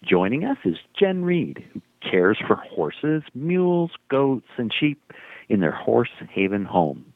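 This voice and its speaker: A man's voice: medium pitch, sing-song, slow pace, dry recording. A man hosting a radio show, introducing segments with an upbeat presenter delivery. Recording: dry, tinny phone-like radio sound.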